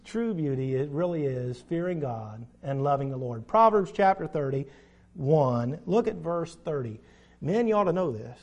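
His voice sits slightly high as he delivers the sermon at a measured, animated pace. He reads scripture emphatically, his loudness rising and dropping.

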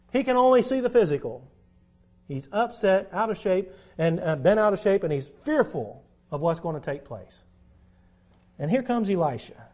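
High-voiced folksy preacher man. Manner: folksy storytelling that rises to loud emphatic preaching. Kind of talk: sermon.

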